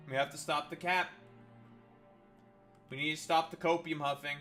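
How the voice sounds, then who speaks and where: A man's voice: on the high side, fairly even intonation, normal speed, long pauses, a bit bright, faint music behind. A man hosting a livestream, trash-talking and teasing his chat in a mocking way. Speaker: livestream host.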